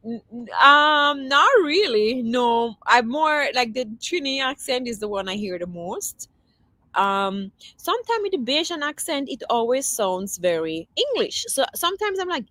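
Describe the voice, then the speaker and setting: A woman with a slightly high voice hosts a casual livestream, chatting loosely and answering viewer comments as they come in. She rambles and restarts her sentences often. The sound is close and dry. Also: sing-song, moderate pace, fairly bright tone, no echo. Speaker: livestream host.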